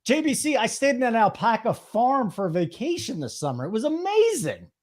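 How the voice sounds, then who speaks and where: A man's voice: extremely high pitch, sing-song, moderate pace. A man hosting a sports-betting podcast, who tells rambling, jokey stories in casual chat. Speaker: podcast host.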